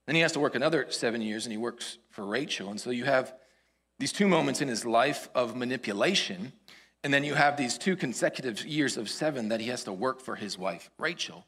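A man preaching a sermon, retelling a Bible story in an animated, conversational way with rising emphasis and casual asides. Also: medium pitch, a little fast, slightly rough.

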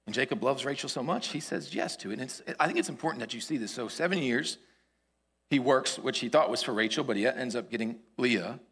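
A man preaching a sermon, retelling a Bible story in an animated, conversational way with rising emphasis and casual asides. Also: medium pitch, brisk, husky.

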